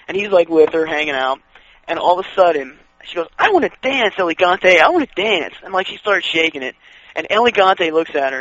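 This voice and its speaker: A man in casual chat, excitedly telling wrestling stories and acting out what others said. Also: on the high side, no room sound. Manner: excitable, acts out quoted voices, laughs while telling. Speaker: wrestling fan guest. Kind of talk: casual chat, animated storytelling. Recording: dull lo-fi radio sound.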